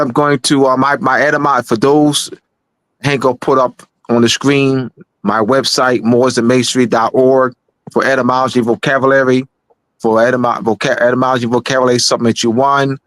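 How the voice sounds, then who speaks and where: A man hosting a livestream show, talking in a halting, animated way with many restarts. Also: mid-range voice, no room sound. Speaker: show host.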